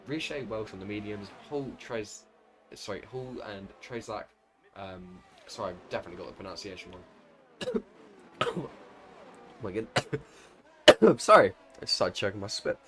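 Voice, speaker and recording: A man's voice: lowish voice, slight background noise. A man commentating on a sim racing league event, calling the race with energy and often stopping to correct himself. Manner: excitable race calls, self-correcting. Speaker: lead commentator.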